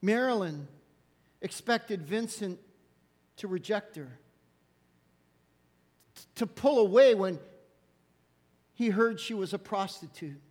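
A man preaching a sermon, telling a story dramatically and dropping to hushed soft lows. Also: lively intonation, takes it slowly, long pauses, in a large hall.

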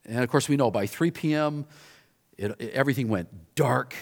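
A man preaching a sermon, retelling a scripture scene with animated storytelling and acting out the bystanders' voices. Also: mid-range voice, moderate pace, gravelly. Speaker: pastor.

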